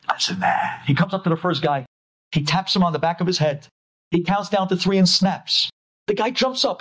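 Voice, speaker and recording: A man, a rabbi, telling a story in an animated way, acting out the voices of the people in it. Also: a little high.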